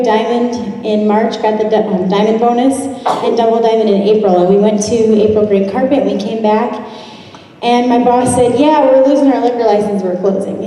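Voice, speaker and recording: A woman's voice: on the high side, dark tone. A woman in her twenties giving a chatty testimony to a crowd, often acting out what others said. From Toledo, Ohio area. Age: 20s. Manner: chatty, quick asides, acts out quoted voices. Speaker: guest speaker telling her story. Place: large event room. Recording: echoey hall heard from far off.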